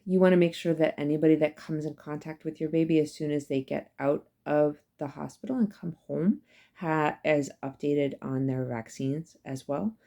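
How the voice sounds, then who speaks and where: A woman's voice: sits low, moderate pace, vocal fry, mellow. A woman professor giving a casual, chatty psychology lecture, emphatic and full of fillers and asides.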